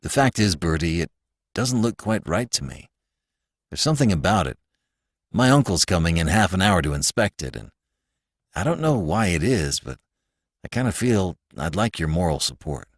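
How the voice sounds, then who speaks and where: A man's voice: low voice, very animated, moderate pace, dry recording, clean studio sound, voice pushed down, exaggerated voice. A man voicing an anxious young painter. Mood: worried. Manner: subdued, worried and hesitant.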